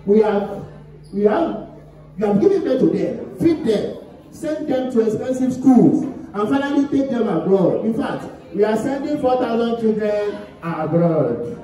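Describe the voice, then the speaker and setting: A man with a Nigerian accent performing spoken word poetry, chanting rhythmic repeated lines and shouting refrains. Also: high voice, expressive, unhurried. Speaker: performance poet. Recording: echoey hall from far off, music and crowd.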